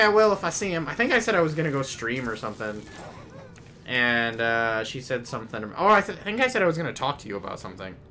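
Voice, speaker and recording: Bright-voiced rambling game streamer man. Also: medium pitch, slight background noise. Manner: rambling and chatty, trailing off mid-sentence. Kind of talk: casual gameplay commentary.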